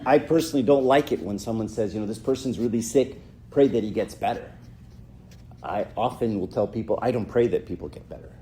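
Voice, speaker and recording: A middle-aged man with a mellow, medium-pitched voice gives a relaxed church talk to young listeners, slight background noise behind him. He often checks in with "right?" and performs short quotes.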